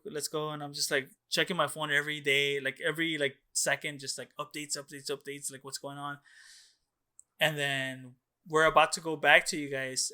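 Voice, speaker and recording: Here a young man co-hosts a podcast and spins a long story in casual, meandering conversation, swearing often and leaning heavily on "like" and "dude." His voice is a little high, pushed and bright.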